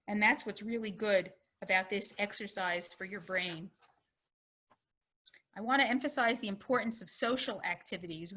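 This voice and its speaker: This is a woman physician delivering a public lecture on health. Her voice is bright and forward. She explains in a friendly, conversational way, now and then slipping into a short personal story. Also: medium pitch. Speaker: physician giving a health talk.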